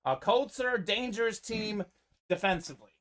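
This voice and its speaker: A man's voice: high-pitched, normal speed, fairly bright tone. Upbeat man hosting a live card break. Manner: upbeat, running commentary on teams and players.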